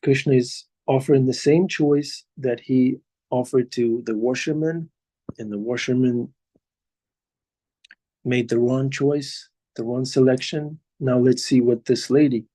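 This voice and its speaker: A man leading a devotional scripture class over a video call, talking in a halting way with many pauses. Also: medium pitch, dark tone. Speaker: class leader.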